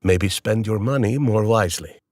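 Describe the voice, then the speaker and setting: A man's voice: on the low side, normal speed, darkish tone, dry recording, lightly acted. A man voicing a blunt Indian businessman with an Indian accent and short, matter-of-fact answers. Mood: curt.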